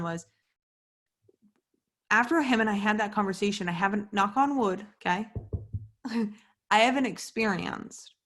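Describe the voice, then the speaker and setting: A woman's voice: mid-range voice, fairly bright tone. A young woman hosting a podcast, talking casually and candidly with many "like" fillers and some swearing. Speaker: podcast host. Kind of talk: casual solo podcast monologue. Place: home at night.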